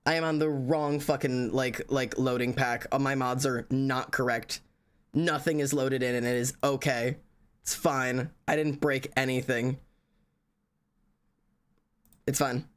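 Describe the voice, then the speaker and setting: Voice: mid-range voice, steady tone, a little slow, pauses often, clear, resonant tone. Sleepy streamer, rambly and sweary, just chatting live. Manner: profane, rambling, jokey. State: tired. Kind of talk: casual live-stream chat.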